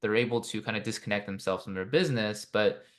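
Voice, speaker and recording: A man's voice: fairly low pitch, fast talker. A man hosting a podcast interview, reflecting earnestly and often tagging his points with "right?". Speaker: podcast host.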